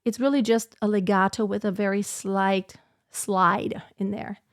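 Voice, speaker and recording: In clean studio sound with no room echo, a woman who is a singing teacher and lyric coloratura soprano talks herself through practicing an aria. Her mid-range voice is fairly even and a little slow; she critiques herself and slips into brief sung examples.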